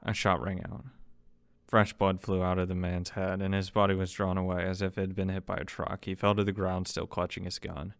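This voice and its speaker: A man's voice: deep voice, flat delivery, a little fast, creaky, dry recording. A man reading a visual novel aloud, who stumbles over words, restarts them, and swears in casual asides. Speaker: let's play narrator.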